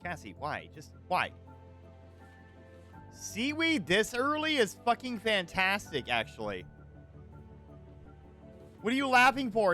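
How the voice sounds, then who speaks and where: A man streaming a survival game, giving animated, swear-laden commentary and chatting with his viewers. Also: high voice, takes it slowly, long pauses, soft background music. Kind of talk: live gameplay commentary.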